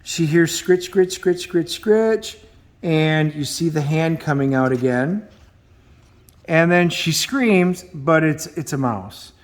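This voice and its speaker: Middle-aged man, comic reviewer, casual and chatty, lots of ums, slightly high voice. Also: takes it slowly. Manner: chatty, with frequent ums, acting out quoted dialogue.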